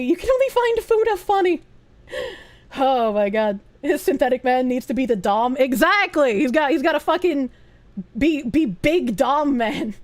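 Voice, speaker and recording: A woman streamer chatting casually and reading viewer messages aloud, blunt, swearing a lot and laughing often. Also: high-pitched.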